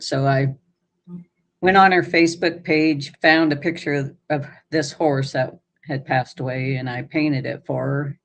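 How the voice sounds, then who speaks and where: Casting note: middle-aged woman guest, plainspoken and modest, gravelly fry in the voice. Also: very deep voice. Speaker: guest artist. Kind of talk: casual chat.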